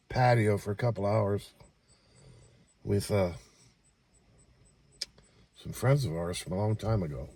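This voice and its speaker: Man vlogger, warm and gravelly, rambling and exasperated, mic a little distant. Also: on the low side. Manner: rambling, repeats himself, exasperated. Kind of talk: casual vlog talk. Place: small room in a care home.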